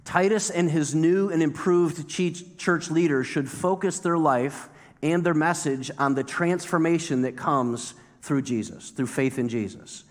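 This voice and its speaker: A man's voice: fairly high pitch, a little slow. Man preaching in a reverberant hall. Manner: conversational preaching, emphatic repetition. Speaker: pastor. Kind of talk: sermon.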